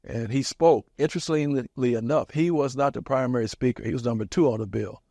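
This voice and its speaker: A man's voice: medium pitch, fairly quick, warm tone, dry recording, studio quality. Wry older man telling stories. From small-town Kansas. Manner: emphatic, wry, chuckles at his own stories. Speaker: interviewee, community activist. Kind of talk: reflective storytelling interview.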